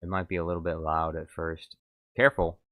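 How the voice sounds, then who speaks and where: Lowish-voiced man chatting casually. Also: little pitch movement, brisk, pushed and bright, dry recording, clean studio sound. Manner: rambling, self-mocking, laughs at himself. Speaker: streamer reading chat. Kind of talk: casual chat.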